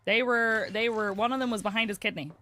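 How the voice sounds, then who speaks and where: A woman's voice: fairly high pitch, fairly quick. A woman, chatting and telling stories while streaming a game, laughing often. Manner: chatty storyteller, animated, laughs a lot. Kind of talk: casual chat while playing a game.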